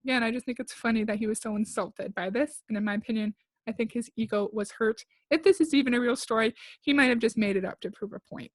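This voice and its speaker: A woman's voice: a little high, quick pace, no room sound. Female reaction commentator, blunt and sarcastic, dry close-mic sound.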